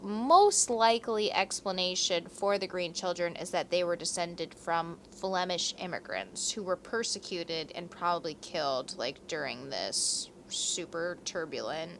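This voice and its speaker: A woman's voice: fairly low pitch, measured pace, hardly any pauses, slight background noise. Chatty young woman telling history casually. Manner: chatty, rambling, profane, self-deprecating. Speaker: podcast co-host. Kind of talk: casual storytelling chat.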